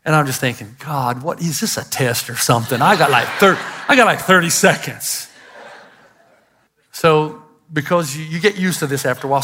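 An older man, a pastor, preaching a sermon to a congregation, telling stories and driving his points home with loud emphatic lines and quiet asides. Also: fairly high pitch. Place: church auditorium. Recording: live sermon in a large hall with long reverb.

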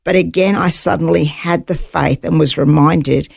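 A woman's voice: deep voice, steady tone, moderate pace, creaky, a little mellow, breathy edge, dry recording, clean studio sound. A woman guest in an interview, earnestly telling a personal story and voicing her own thoughts aloud.

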